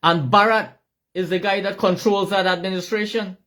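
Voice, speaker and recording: A middle-aged Guyanese man with a Guyanese accent, giving an impassioned, shouting monologue with emphatic repetition. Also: high voice, steady tone, moderate pace.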